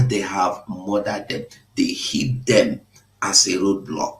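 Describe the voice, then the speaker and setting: A man's voice: sits low, steady tone, slow pace, fairly bright tone, echoey room, low-quality recording. A man, giving an impassioned, rhetorical live broadcast. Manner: emotional, rhetorical, mocking laughs at times. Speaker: online broadcaster.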